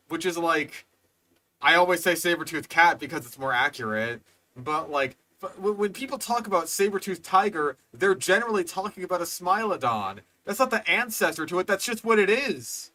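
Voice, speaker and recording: Casual exasperated guy doing reaction commentary, lively swoopy voice, rambly, swears a lot. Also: sits high, moderate pace. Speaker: reaction video host.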